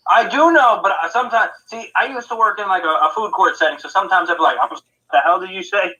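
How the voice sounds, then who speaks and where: A man's voice: high-pitched, fast, sharp tone, lo-fi sound. A man co-hosting a podcast in casual chat, rambling and laughing easily. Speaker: podcast co-host.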